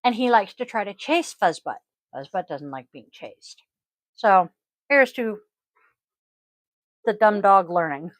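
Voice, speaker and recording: In a mid-range, animated voice, a woman hosts a casual yoga-teacher podcast, a little slow with long pauses, rambling with ums and throat-clearing. She's on a close microphone at home with no room sound, and the audio is poor.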